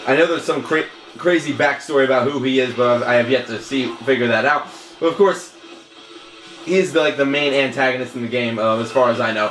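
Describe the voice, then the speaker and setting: A man commentating video game matches play-by-play, excitable and bursting into loud exclamations. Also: medium pitch, fairly quick, soft background music. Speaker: tournament commentator.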